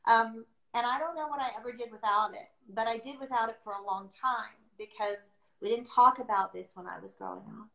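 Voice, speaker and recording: A woman's voice: on the high side, brisk, gravelly, hardly any pauses, fairly bright tone. A middle-aged woman, a podcast guest, talking earnestly and emphatically and repeating her key phrases. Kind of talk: heartfelt podcast conversation. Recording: echoey room.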